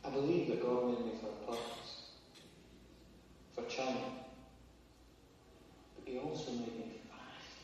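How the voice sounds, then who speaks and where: An actor playing an earnest young Scottish runner and missionary, with a Scottish accent, speaking quietly and resolutely. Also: male voice, medium pitch, measured pace, long pauses, a little hiss or hum, close to an everyday voice. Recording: echoey film clip, far off in a hall, faint ambience.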